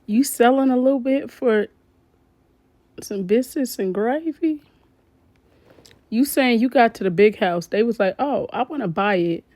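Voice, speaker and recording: A woman giving casual commentary to her viewers, animated and exclaiming as she talks straight to them. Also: fairly high pitch, a little slow, pauses often, no room sound. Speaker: commentary vlogger.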